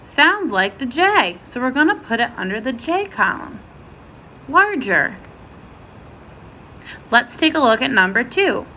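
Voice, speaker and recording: A woman teaching a first-grade phonics lesson, sounding out letters and words slowly and clearly. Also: a little high, sing-song, sharp tone, slight background noise, rough recording.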